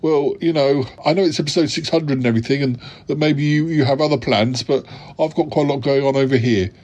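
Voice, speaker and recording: A man's voice: mid-range voice, a little fast, darkish tone, highs cut off, natural voice. A man voicing a stammering, attention-seeking yeti uncle who repeats his words. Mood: evasive.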